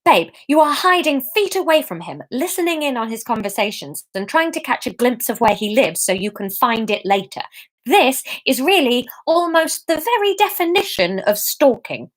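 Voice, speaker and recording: A woman gives voice to the sensible inner conscience of a young woman, dry and teasing as it points out the obvious. It sits a little higher than her plain talk and stays matter-of-fact. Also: very animated, normal speed.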